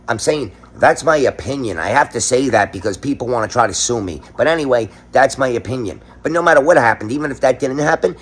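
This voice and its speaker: A man with a New York accent delivers a sarcastic, foul-mouthed comedic rant. His voice is husky and a bit rough, and every line is packed with casual profanity. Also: mid-range voice, a bit bright. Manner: sarcastic, crude, swears constantly. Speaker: commentary host.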